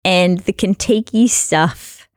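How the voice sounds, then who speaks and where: A woman's voice: on the low side, slow pace, no room sound, clean studio sound. A young woman hosting a podcast, chatting casually and laughing through a travel story. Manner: chatty, laughs through her own stories.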